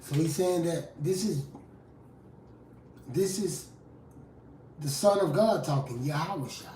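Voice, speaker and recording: A fiery street preacher in a confrontational live sermon. The voice drops low for scripture, then bursts out loud. It is recorded from well back from the mic, in a room with a strong echo. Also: lively intonation, slow pace, slight background noise. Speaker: street preacher and rap artist. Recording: roomy echo from a distant mic.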